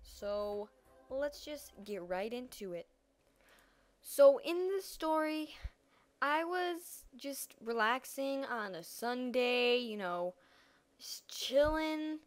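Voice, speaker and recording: A teenage girl telling a personal story in a casual vlog, animated and dramatic, acting out her own reactions. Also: high-pitched, slow, soft background music. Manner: animated, dramatic retelling with acted-out quotes.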